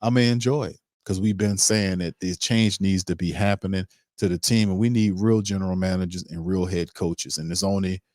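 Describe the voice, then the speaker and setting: A low-voiced man hosts a sports podcast, driving his points home with heated, repetitive emphasis and casual slang. The sound is close and dry, with no room around it. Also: fairly even intonation, brisk, a little mellow, dry recording. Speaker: podcast host.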